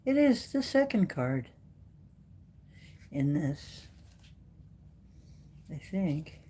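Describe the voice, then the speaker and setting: A woman's voice: low voice, big pitch swings, extremely slow, dark tone, breathy edge. A woman hosting her own video, chatting playfully and reading oracle cards aloud, prone to joking voices.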